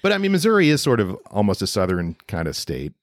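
Easygoing middle-aged man, low dry voice. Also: huge pitch swings, fast, no echo. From Ohio. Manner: easygoing, rambling with restarts. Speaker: podcast co-host. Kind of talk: casual chat.

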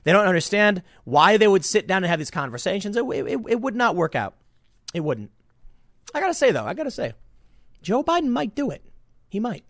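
Male political commentator with a high, swooping voice. Rambling, animated delivery with many restarts. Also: brisk, pauses often, no echo, studio quality.

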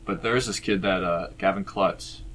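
A man's voice: low voice, normal speed, crowd noise, low-quality recording. A young man from eastern Kentucky, a podcast guest, telling stories in a laid-back way, laughing often and swearing freely. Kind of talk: casual storytelling chat.

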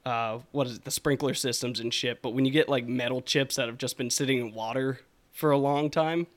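A man's voice: medium pitch, fairly even intonation, brisk. Laid-back rambling man telling stories. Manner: rambling storyteller, laughs often. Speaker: podcast co-host. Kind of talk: casual chat.

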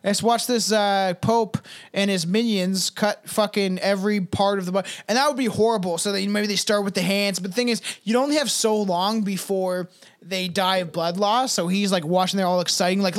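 A man's voice: sits high, steady tone, moderate pace. A man co-hosting a podcast, talking in a loose, profane, rambling way and often slipping into mocking voices. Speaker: podcast co-host. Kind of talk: casual chat.

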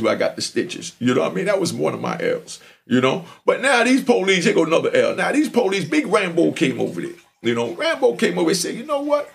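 A man hosting a show, telling a story in an animated, streetwise way and repeatedly checking in with the listener. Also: on the high side, gravelly, a little hiss or hum. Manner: animated, streetwise, repeats "you know what I mean". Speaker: podcast host telling stories. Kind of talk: storytelling monologue.

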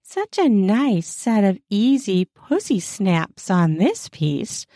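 A woman's voice: medium pitch, very animated, slow, warm tone, dry recording, studio quality. A woman narrating a first-person adult romance audiobook in a playful, teasing way.

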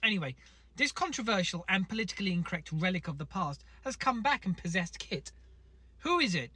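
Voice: mid-range voice, very animated, brisk, bright, forceful tone, husky, no echo. Wry podcast host. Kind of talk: comic podcast quiz links.

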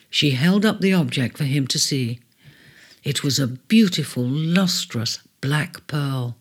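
A storyteller in a gentle, measured reading of a storybook. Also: medium pitch, lively intonation, husky. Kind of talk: storybook narration. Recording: faint music bed under the voice.

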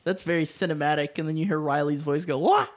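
A man's voice: a little high, little pitch movement, fast talker, noisy background. A young man co-hosting a podcast, chatting casually in a rambling way. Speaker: podcast co-host. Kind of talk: casual chat.

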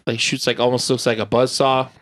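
A man's voice: medium pitch, flat delivery, fairly quick. A man from the United States chatting casually on a podcast, rambling with lots of fillers and laughs. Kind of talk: casual chat.

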